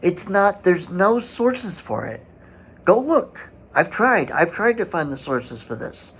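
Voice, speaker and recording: A man hosting a solo commentary podcast, speaking in a halting way with many fillers and restarts and growing indignant. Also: high voice, very animated, fairly bright tone, husky, low-quality recording. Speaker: podcast host.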